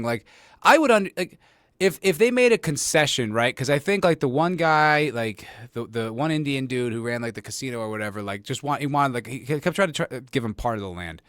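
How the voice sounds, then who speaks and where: A man's voice: medium pitch, fairly bright tone, smooth, dry recording, clean studio sound. A man hosting a podcast, ranting casually in a rambling, sarcastic way with many fillers. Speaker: podcast host. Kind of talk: casual opinion rant.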